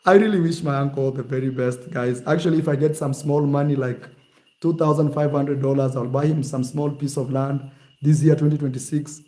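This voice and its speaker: A man talking casually and teasingly in a vlog, animated and jokey. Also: mid-range voice, brisk. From Kenya. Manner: animated, teasing, shifts to mock accents. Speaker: vlogger.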